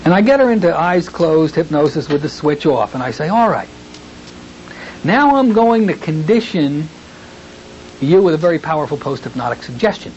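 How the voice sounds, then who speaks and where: A man teaching hypnotherapy in a recorded training lecture, talking in a folksy way and slowing into a soothing tone when he demonstrates suggestions. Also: fairly high pitch, big pitch swings, darkish tone. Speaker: hypnotherapy instructor. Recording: dull lo-fi tape with faint hiss.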